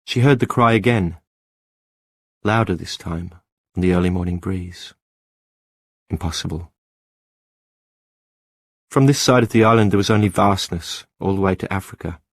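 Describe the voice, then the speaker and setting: A man with a very low voice reads an audiobook in a measured, lyrical way. The recording is dry and close, with no room sound. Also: no echo. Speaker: audiobook narrator. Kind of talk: scripted audiobook narration.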